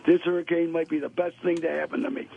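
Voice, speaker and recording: A man's voice: a little high, level tone, quick pace, gravelly, slightly rough. A man calling in to a radio show, slangy and joking in casual chat over a phone line.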